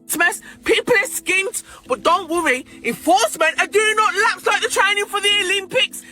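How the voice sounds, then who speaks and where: A woman ranting in a social media vlog, loud, sarcastic and combative. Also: very high voice, normal speed, soft background music.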